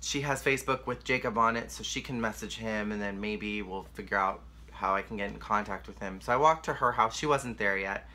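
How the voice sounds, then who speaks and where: A man's voice: fairly low pitch, fairly quick, pushed and bright, a little hiss or hum. A young man candidly telling a painful personal story to the camera, emotional and rambling, with lots of "like.". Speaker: vlogger.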